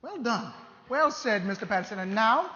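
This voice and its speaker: A man's voice: high voice, expressive, normal speed, pushed and bright. An actor playing a teasing, theatrical founding-era statesman, coaxing a student audience in a live historical re-enactment. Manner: playful, coaxing, audience-directing. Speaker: costumed performer at an educational show. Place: large hall with a live audience. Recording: dull, echoey hall with faint ambience.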